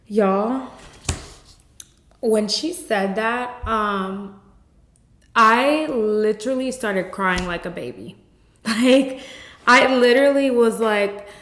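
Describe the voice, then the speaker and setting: A woman's voice: fairly high pitch, takes it slowly, a bit bright, a little hiss or hum. A woman hosting a podcast, telling a personal story in a candid, emotional way and often speaking straight to her listeners. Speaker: podcast host. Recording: roomy echo.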